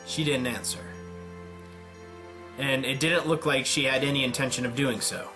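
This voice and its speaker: A man reading a visual novel aloud dramatically, with deadpan joking asides. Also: mid-range voice, normal speed, music in the background. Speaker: let's player.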